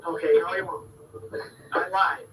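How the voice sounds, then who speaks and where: A man's voice: fairly high pitch, a little slow, crowd noise. A man chatting as a guest on a podcast, rambling and hesitant with frequent laughs. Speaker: guest musician promoting a show. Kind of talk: casual chat. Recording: roomy echo, distant from the mic.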